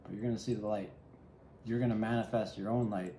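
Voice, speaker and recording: Man, tarot reader, reflective and musing, low mellow voice, echoey room, faint background hum. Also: steady tone, fairly quick. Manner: musing, reflective, speaks directly to the viewer. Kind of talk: solo tarot reading.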